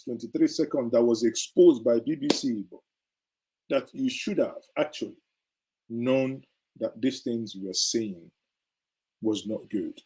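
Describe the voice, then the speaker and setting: A man's voice: mid-range voice, dark tone, slightly rough, low-quality recording. A middle-aged man gives indignant, sarcastic political commentary as a show host, hammering his points with emphatic repetition.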